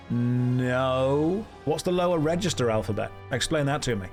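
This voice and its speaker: A man streaming a video game, chatting casually with dry, deadpan jokes. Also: medium pitch, normal speed, soft background music.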